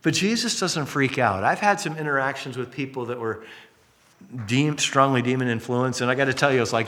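A pastor preaching a sermon, telling the story casually and acting out quotes and jokes along the way. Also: male voice, mid-range voice, moderate pace. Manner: lively storytelling with acted-out quotes and asides.

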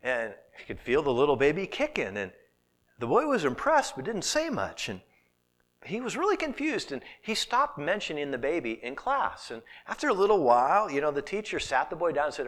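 Animated pastor, lively swooping voice. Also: male voice, fairly high pitch, a little fast. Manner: animated storytelling, acting out voices, dropping to a hushed whisper. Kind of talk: sermon.

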